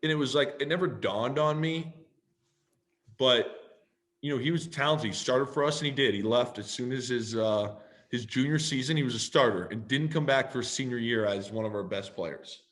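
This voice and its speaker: A man, a podcast guest telling long, animated stories in casual, swear-laden chat. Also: medium pitch, normal speed. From Canada. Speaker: guest, football player. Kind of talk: casual storytelling in a podcast interview.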